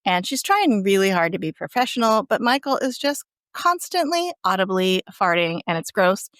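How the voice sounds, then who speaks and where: A woman's voice: medium pitch, normal speed, no echo, studio quality. A woman guest on a podcast, retelling episode scenes in a casual, chatty way. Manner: lively, chatty storytelling. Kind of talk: casual recap chat.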